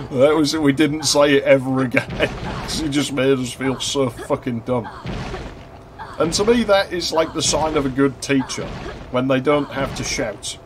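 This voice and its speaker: A young man casually commenting on a retro game as he plays. He wanders into anecdotes, laughs at his own stories and swears freely. His voice sits at an ordinary middle pitch, with a faint background hum. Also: unhurried. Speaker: gaming channel host.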